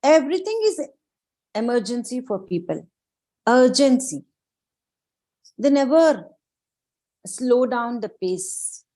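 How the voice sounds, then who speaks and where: A woman explaining a self-help book in an earnest, encouraging way, often pausing with fillers. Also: fairly high pitch, sing-song, warm tone, rough recording. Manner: addresses listeners as friends. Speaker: spiritual book discussion host.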